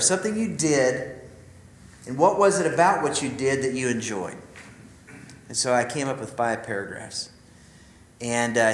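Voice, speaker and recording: A man's voice: mid-range voice, fairly bright tone, reverberant, a little hiss or hum, rough recording. A man giving an earnest, confiding talk to a group of men, telling a personal story and speaking directly to his listeners. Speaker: ministry speaker.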